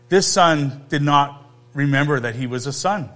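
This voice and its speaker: A man delivering a sermon in an easy, conversational way, leaning on emphasis and pauses. He often turns to his listeners with questions. His voice sits a little higher than most men's. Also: fairly bright tone. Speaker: pastor.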